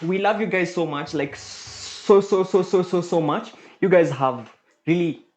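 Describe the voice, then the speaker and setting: A woman hosting a playful cooking vlog, goofy and exaggerated, with sudden loud outbursts. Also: on the low side, unhurried, lo-fi sound, faint music behind. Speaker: cooking vlogger.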